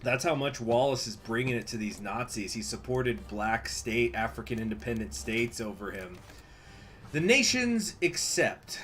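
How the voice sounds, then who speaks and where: A man's voice: mid-range voice, expressive, normal speed, a bit bright, soft background music. A man streaming a strategy game, reading event text aloud and joking crudely with his chat between passages. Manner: casual, laughing, crude asides between read-aloud passages.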